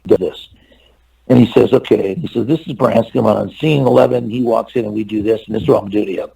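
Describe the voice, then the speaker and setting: A man's voice: on the low side, fast talker, creaky, dark tone, slightly rough, no echo, poor audio. A man in his sixties from California, an interview guest telling a long anecdote and acting out the dialogue, with many fillers and restarts. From California, USA.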